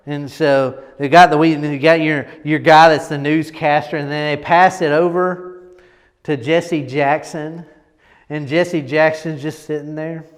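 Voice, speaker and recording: A man's voice: a little high, fairly even intonation, measured pace. Emphatic male coach in a reverberant room. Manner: emphatic, repeats words, lots of "right?". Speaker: presentation coach. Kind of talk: casual teaching talk.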